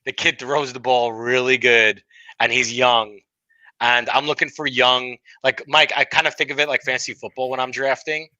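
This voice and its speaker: A man's voice: medium pitch, level tone, moderate pace, bright, forceful tone, dry recording, poor audio. A man with a Brooklyn accent co-hosting a podcast in loose, joking casual chat. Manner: joking, loose and chatty with fillers. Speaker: podcast co-host.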